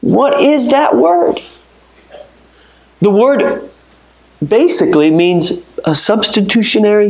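A man preaching a sermon, swinging from low, measured teaching to high, urgent pleading. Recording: roomy echo.

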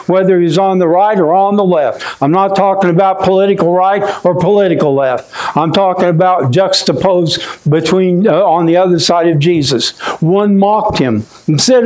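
A man preaching a sermon in a folksy way, often saying "my friend" and dropping his voice low and quiet when he is moved. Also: moderate pace, poor audio. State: choked up.

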